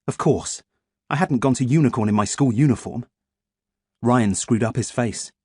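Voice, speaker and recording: A man reading an audiobook as first-person scripted narration, in a lively, expressive way. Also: medium pitch, moderate pace, breathy edge, dry recording, studio quality.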